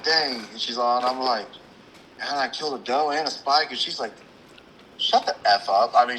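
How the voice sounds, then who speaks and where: A man's voice: mid-range voice, noisy background. Man telling a hunting story. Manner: animated, acts out the scene with quoted lines and sound imitations. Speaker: hunting show co-host. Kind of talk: casual storytelling chat.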